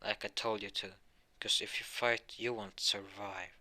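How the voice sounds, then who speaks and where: A man's voice: on the low side, level tone, a little slow, pushed and bright, full character voice. A man voicing a protective, threatening young male hero turned evil in an improvised fan story. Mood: menacing. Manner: cold, threatening.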